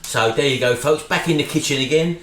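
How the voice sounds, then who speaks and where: A man's voice: a little high, fairly quick, fairly bright tone. A middle-aged man, chatting casually to his viewers at home and calling them folks. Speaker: vlog host. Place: at home, house and garden.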